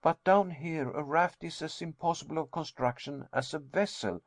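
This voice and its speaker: An anxious young nephew questions everything in a storybook reading, as a man puts him on. The voice sits higher than the reader's own and stays close and dry. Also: normal speed, no room sound, natural voice.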